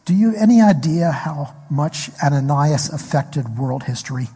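A man's voice: on the high side, animated, normal speed, mellow, slightly rough. A man preaching a sermon as pastor, telling a story and asking the congregation questions. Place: church hall. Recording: echoey hall recording.

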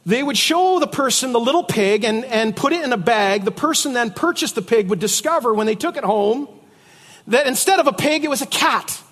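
A middle-aged man with a rather high voice preaches a sermon in a loose, chatty way, mixing scripture with jokes and stories. His voice rings out with a long hall reverb. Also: animated, brisk, fairly bright tone. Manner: conversational preaching with jokes and asides. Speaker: pastor.

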